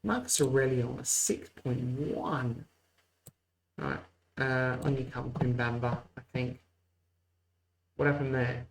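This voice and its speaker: A man's voice: mid-range voice, slow, creaky, long pauses, poor audio. A man hosting a let's-play video, mixing mock play-by-play calls with muttered asides. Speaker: host. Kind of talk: casual let's-play game commentary.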